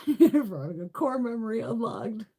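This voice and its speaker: A middle-aged woman hosts a beauty livestream, chatting casually and telling stories in a loose, animated manner while swearing freely and laughing a lot. Her voice is on the high side with a breathy edge, and she talks at a normal speed.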